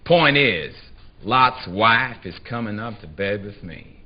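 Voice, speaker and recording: An actor voicing a blunt, sly country man from the Deep South, who drawls his story in a low register with earthy relish. It comes across as a dull, muffled live theatre recording. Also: animated, slow. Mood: gleeful. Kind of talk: live dramatic reading. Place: theatre stage before a live audience.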